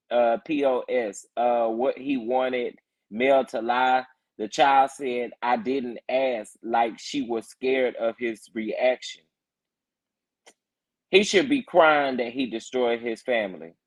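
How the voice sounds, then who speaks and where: A man hosting a casual morning chat, reacting to viewer comments and getting emphatic and loud when worked up. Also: mid-range voice. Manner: animated, emphatic, rising to loud protest when fired up. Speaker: reality TV commentary host.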